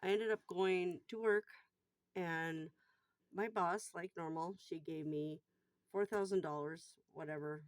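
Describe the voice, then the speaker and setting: A middle-aged woman, a bar worker, telling a personal story in a casual vlog. She talks bluntly, swears freely, and gets loud and worked up while retelling it. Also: fairly low pitch, steady tone, unhurried, dry recording.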